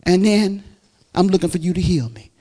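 Fervent woman pastor: loud praise calls, hushed storytelling. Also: lowish voice, moderate pace. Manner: drops to quiet, intimate storytelling. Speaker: preacher. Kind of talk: sermon.

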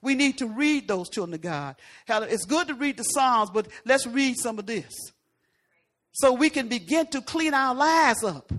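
A woman preacher giving a folksy, conversational sermon, swinging from loud emphatic lines to hushed asides. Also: on the high side, animated, moderate pace.

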